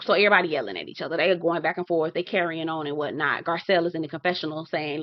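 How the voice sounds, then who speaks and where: A woman's voice: medium pitch, quick pace, no room sound, lo-fi sound. A woman recapping a reality TV episode in casual, blunt, profane talk. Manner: sassy, blunt, profane, animated. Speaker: TV recap host.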